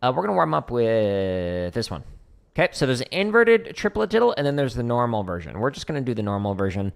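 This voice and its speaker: Gravelly, chatty man on a stream. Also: mid-range voice, sing-song, a little fast. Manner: casual, chatty, self-deprecating. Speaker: drum teacher streaming practice. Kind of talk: casual livestream chat. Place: home practice space.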